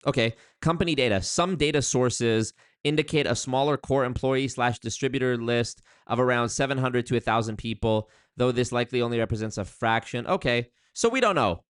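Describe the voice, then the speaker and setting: A man hosting a live-stream commentary show, reading chat aloud and reacting in an animated, jokey way with big leaps in pitch when he hypes viewers up. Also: a little fast, few pauses, smooth. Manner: animated, jokey, big pitch swings, hype shout-outs.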